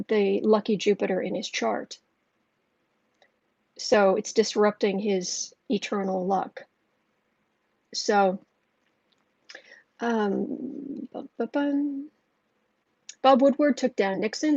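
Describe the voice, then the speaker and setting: A woman's voice: medium pitch, a little mellow. A woman in casual live-stream chat as a tarot reader, talking in an emotional, rambling flow full of restarts. Her voice sits in a middling range. The sound is dull and lo-fi, and dry with no room echo. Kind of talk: casual live-stream chat, reading viewer comments aloud.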